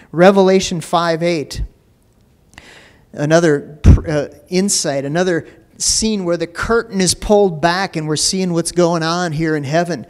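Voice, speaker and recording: A man pastor giving a sermon, telling a story from his life and then preaching with rising emphasis, often repeating words as he starts a phrase. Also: sits high.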